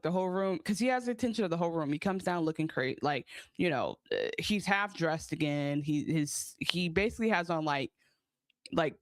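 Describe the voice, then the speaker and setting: A woman co-hosting a podcast chats casually about a TV episode, rambling and acting out the characters' lines. Her voice is lowish, and the recording is dry.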